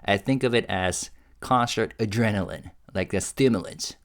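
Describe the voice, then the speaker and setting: Man, low voice, casual reaction host, live translating, chuckling, lots of fillers. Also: normal speed. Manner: relaxed, chuckling, hesitant with many fillers. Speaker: YouTube host translating a livestream.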